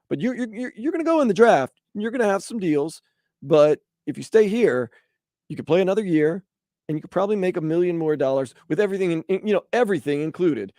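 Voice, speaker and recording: A man's voice: sits high, fast talker, no echo, studio quality. A man hosting sports talk radio, chatting casually and acting out hypothetical quotes. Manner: animated, acts out quotes in voices.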